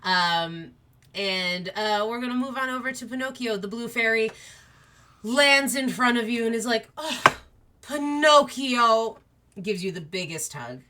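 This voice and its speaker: A woman game master narrates a tabletop game in a bright voice. She voices her characters in a warm, motherly way. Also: fairly high pitch, normal speed, slight background noise.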